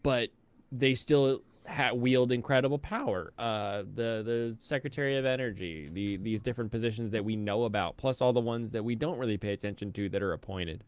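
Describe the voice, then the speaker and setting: A man's voice: mid-range voice, a little fast, clear, resonant tone. A man hosting a casual reaction stream, sarcastic, laughing often and going off on rants. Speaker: stream host.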